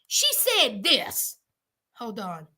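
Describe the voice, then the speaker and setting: Woman, high voice, very animated, sassy reality TV recap. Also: drawn-out words, breathy edge. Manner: sassy, emphatic storytelling. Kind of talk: casual recap commentary.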